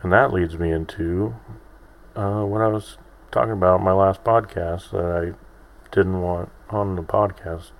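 A man's voice: deep voice, fairly even intonation, unhurried. A man in his thirties hosting a solo podcast, rambling and self-deprecating with lots of restarts. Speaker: podcast host. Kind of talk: casual solo podcast monologue.

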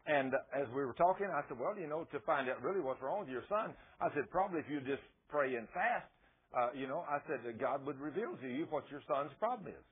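A man's voice: on the high side, animated, brisk, slight background noise. A man preaching a sermon, telling stories and acting out the voices in them. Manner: storytelling, acting out quoted dialogue. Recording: tinny phone-like radio broadcast.

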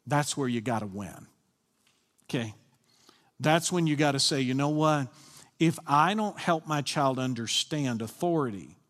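A man's voice: mid-range voice, fairly bright tone, in a large hall. A man, a senior pastor, giving a conversational sermon and often asking the congregation questions. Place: church sanctuary.

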